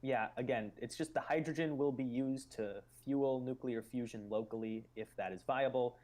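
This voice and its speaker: A man's voice: mid-range voice, normal speed, darkish tone. A man hosting a live stream, explaining ideas in casual chat and musing aloud with loose fillers.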